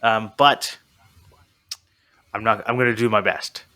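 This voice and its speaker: A male podcast host with a bright, ringing tone in relaxed chat. He rambles, laughs at himself and fills pauses with "uh" and "like". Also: lowish voice. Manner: rambling, self-deprecating, with frequent fillers.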